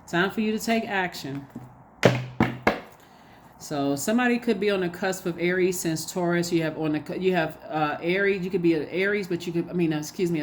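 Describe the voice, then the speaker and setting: Woman tarot reader, lower voice, casual and preachy, light background noise. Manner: animated, repetitive, preachy exhortations. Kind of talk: casual spoken tarot reading.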